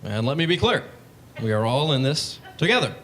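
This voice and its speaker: A man doing a calm, measured president. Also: on the high side, a little hiss or hum. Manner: slow, deliberate oratorical cadence.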